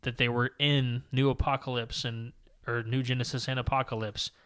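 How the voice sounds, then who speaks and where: A man's voice: mid-range voice, little pitch movement, moderate pace, fairly bright tone, smooth. A man co-hosting a comic book podcast, casually recapping and reading panels aloud in a long-winded, rambling way. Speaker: podcast co-host.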